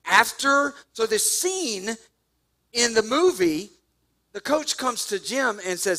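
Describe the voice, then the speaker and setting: A man preaching a sermon, telling a story with jokes and sudden loud bursts. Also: extremely high pitch, very animated, takes it slowly. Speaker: pastor.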